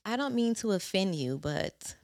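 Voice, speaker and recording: A woman's voice: medium pitch, animated, normal speed, a little mellow, dry recording. A woman in casual chat, bantering playfully in slang and laughing often.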